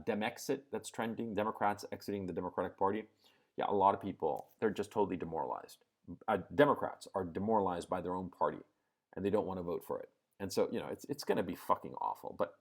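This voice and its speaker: A man's voice: lowish voice, darkish tone. A man hosting a live stream, ranting about politics and the economy with lots of swearing. He explains with everyday examples, drops into sarcastic mock quotes and checks in with his viewers.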